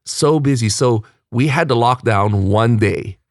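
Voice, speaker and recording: A man hosting a podcast in casual chat, animated and quick to laugh, often jumping up high for emphasis. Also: no echo, studio quality. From United States. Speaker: podcast host. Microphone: studio mic.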